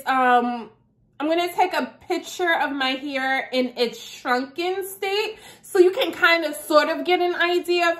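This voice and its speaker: A woman with a high voice speaks slowly and unhurriedly in a casual vlog. She chats playfully to her viewers and breaks into laughter often. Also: fairly bright tone. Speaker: vlogger. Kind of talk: casual chat to camera.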